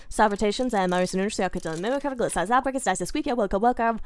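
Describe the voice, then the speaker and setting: A woman streamer reacting live, excitable and playful, greeting chat. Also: mid-range voice, rapid-fire, few pauses, no room sound.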